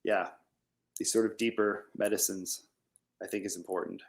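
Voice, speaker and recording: A man's voice: fairly low pitch, steady tone, normal speed, gravelly. A man farmer being interviewed over a remote call, talking casually and rambling, with lots of "like" fillers. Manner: rambling, heavy use of "like". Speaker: farmer guest.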